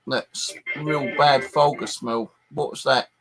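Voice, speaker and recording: A man live-streaming from his flat, puzzling aloud over what a recording is saying. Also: medium pitch, slow. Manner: puzzled, keeps asking what a recording says. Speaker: paranormal vlogger.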